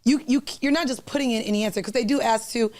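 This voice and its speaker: A woman's voice: fairly high pitch, fast talker, a little mellow. A woman chatting frankly and with animation, often laughing as she talks. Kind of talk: casual chat.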